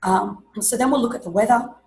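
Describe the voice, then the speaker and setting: A woman presenting an online teaching webinar, explaining classroom activities in a lively way and acting out examples. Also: on the high side, fast, gravelly, slight background noise, poor audio. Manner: lively, demonstrates classroom voices and chants.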